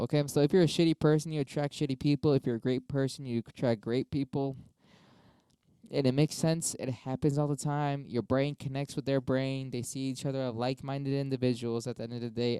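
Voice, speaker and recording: A man's voice: mid-range voice, mellow, smooth, dry recording. A young man talking casually on a stream, arguing both sides of debate prompts with himself in a rambling, profane way. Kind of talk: casual solo monologue.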